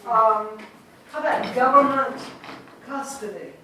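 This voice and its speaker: A woman's voice: mid-range voice, slow pace. A woman teaching an informal poetry class, chatty and laughing often as she sounds out rhythms. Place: church classroom. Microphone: distant room mic. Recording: echoey room from far off, faint hiss.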